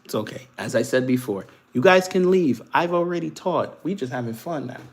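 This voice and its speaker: A man's voice: mid-range voice, lively intonation, brisk. A man hosting a livestream, giving casual political commentary and mocking commenters in a vernacular American accent. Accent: African American Vernacular English. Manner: mocking, trash-talking commenters, laughing. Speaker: livestream host.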